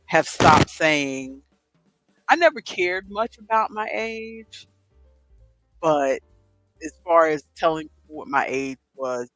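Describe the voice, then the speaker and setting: A chatty man in his fifties hosts a casual home livestream, puzzling over crossword clues out loud. His voice swings up and down with lively intonation, picked up close by a headset mic with a dry, dead-sounding room and faint music underneath. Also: on the high side, dry recording. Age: 50s. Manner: chatty, thinks aloud while solving a crossword. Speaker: livestream host. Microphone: headset with headphones.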